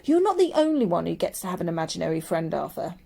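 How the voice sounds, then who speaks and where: A woman's voice: on the low side, big pitch swings, quick pace, vocal fry, mellow, exaggerated voice. A woman voicing a stubborn, sceptical young girl who speaks firmly and doubts everything around her. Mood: knowing. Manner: firm and doubtful.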